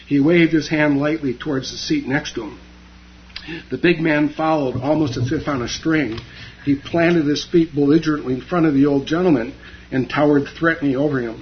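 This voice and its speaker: A man giving a dharma talk, retelling a story with frequent fillers and pauses. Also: on the high side, highs cut off, a little hiss or hum. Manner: halting, many fillers.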